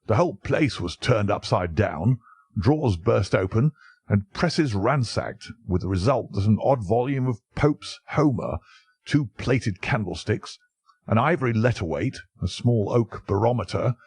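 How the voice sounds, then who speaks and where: A man's voice: medium pitch, lively intonation, measured pace, darkish tone, husky, no room sound, clean studio sound, voice pushed up. A man voicing a hearty, easygoing older country colonel.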